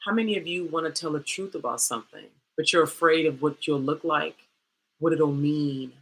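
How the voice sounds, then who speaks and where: A woman coach telling a candid personal story, animated and dramatic, with slangy asides like "girl" and "baby". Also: low voice, moderate pace. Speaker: coach and host.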